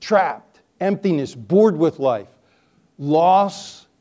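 A man's voice: fairly high pitch, lively intonation, drawn-out words, darkish tone. A middle-aged man giving a folksy sermon, telling stories and joking with his listeners. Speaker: preacher teaching on testimony.

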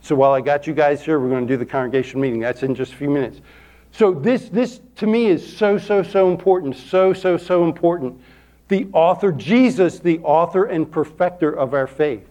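High-voiced folksy man preaching. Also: normal speed, mellow. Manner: folksy, repetitive, emphatic, calls for amens. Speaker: pastor. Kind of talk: sermon to a congregation. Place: church sanctuary.

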